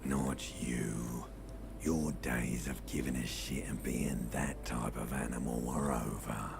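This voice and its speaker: A man voicing an ancient, brooding primal brain in a game, coaxing in a slow, gravelly whisper. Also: rumbling low, fairly even intonation, a little hiss or hum, exaggerated voice. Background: ambient game music.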